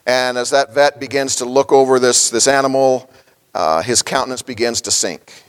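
A man's voice: mid-range voice, normal speed, smooth. A middle-aged man, a pastor, preaching a sermon in a folksy storytelling way, with many fillers and small chuckles.

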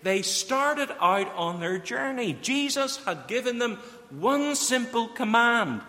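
A man's voice: very high-pitched, animated, slow, sharp tone. A man preaching a sermon, earnestly putting questions straight to his listeners. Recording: long hall reverb.

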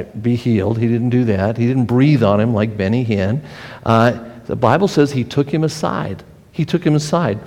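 A man preaching a sermon in an earnest, conversational way, often restarting his sentences. His voice sits at a middling pitch, and it rings with a long reverb in a church hall. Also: a little mellow. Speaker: pastor.

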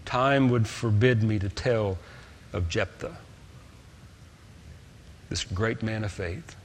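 A man preaching a sermon, swinging between loud, stressed points and quiet asides. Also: fairly low pitch, takes it slowly, in a large hall, a little hiss or hum.

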